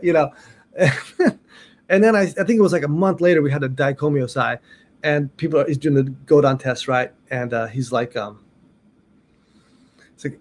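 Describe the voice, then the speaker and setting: A man's voice: a little high, brisk. A middle-aged man telling a story about his martial arts training in a loose, rambling way, full of restarts and "you know". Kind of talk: casual storytelling.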